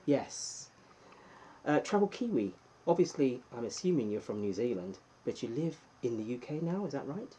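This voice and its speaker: A man's voice: mid-range voice, moderate pace, slight background noise, low-quality recording. Chatty man hosting a live stream. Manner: chatty, greets viewers by name, bursts of excitement. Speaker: livestream host. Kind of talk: casual live-chat stream.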